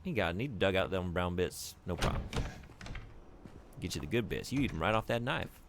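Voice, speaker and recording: A man's voice: low voice, lively intonation, moderate pace, background noise. A man voicing a folksy old grandfather figure, talking in a drawling, rural way. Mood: fond.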